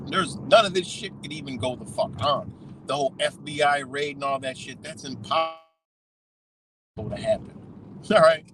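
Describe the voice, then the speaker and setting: Against a noisy background, a livestream host whose voice runs on the high side goes off on a profane, heated rant, rambling along with laughs here and there.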